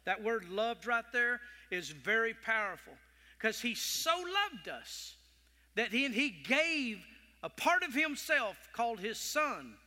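A man's voice: high-pitched, very animated, measured pace, bright, forceful tone, long reverb tail. A middle-aged man with a Texan accent, a pastor preaching a sermon with impassioned, heartfelt storytelling. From Texas.

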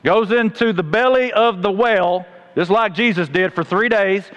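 A man preaching a sermon, telling the story with animated acted-out voices. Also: high voice, normal speed, clean tone, dull audio. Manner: animated storytelling, acts out voices of God and Jonah.

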